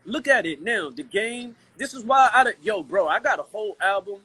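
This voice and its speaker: A man from Brooklyn talking as a guest in a casual hip-hop chat, animated and slangy, restarting his sentences a lot. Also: high-pitched, normal speed, slightly rough, low-quality recording.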